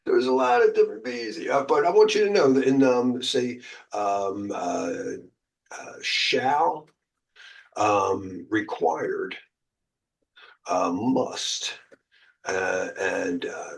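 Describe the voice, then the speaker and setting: A man's voice: mid-range voice, takes it slowly, gravelly. An American man teaching exam prep in a casual, jokey chat, full of uh and um. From United States. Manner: chatty, jokey, lots of uh and um. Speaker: cybersecurity exam instructor.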